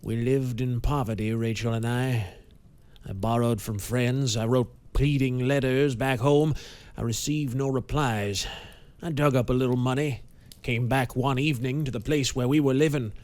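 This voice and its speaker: A man voicing a haunted, frightened millionaire in an audiobook, with a hoarse, rasping voice and slow, pained speech. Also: mid-range voice, fairly even intonation, a little mellow, natural voice. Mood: hushed confiding. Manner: speaks slowly and painfully. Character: rich middle-aged male millionaire, haunted and frightened.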